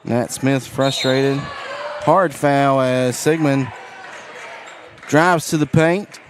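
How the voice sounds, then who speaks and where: A man with a hoarse, raspy voice calls a high school basketball game live, moving briskly through the play-by-play with casual asides to his listeners. His voice sits at an ordinary pitch for a man. Faint gym ambience and a bouncing ball can be heard behind him. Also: fairly even intonation, noisy background. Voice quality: raspy, strained voice. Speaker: play-by-play announcer.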